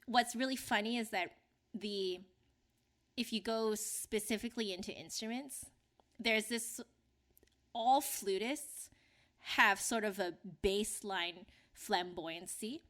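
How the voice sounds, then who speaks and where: Bright-voiced chatty young woman. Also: mid-range voice, slow pace. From Canada. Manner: chatty, many fillers and restarts. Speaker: podcast co-host. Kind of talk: casual podcast chat.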